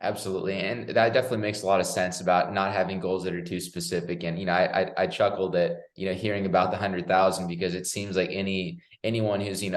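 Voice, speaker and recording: Low-voiced man hosting in an echoey room. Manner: hesitant, many "you know" fillers and restarts. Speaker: podcast host. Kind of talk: conversational podcast interview.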